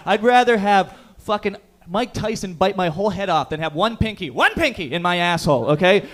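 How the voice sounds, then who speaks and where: A young man with a high voice hosts a stand-up night from a small bar stage. He talks brash and profane, riffing and teasing the crowd through a handheld mic. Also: animated, moderate pace, hardly any pauses. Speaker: comedy show host. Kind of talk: stand-up comedy.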